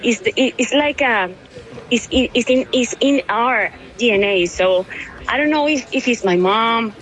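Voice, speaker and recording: A woman in her thirties from Venezuela speaks with a fairly high voice. She is tearful and emotional, and her sentences keep breaking off into restarts and repeated words. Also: unhurried, fairly bright tone, low-quality recording. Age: 30s. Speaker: interviewee. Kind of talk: emotional phone interview.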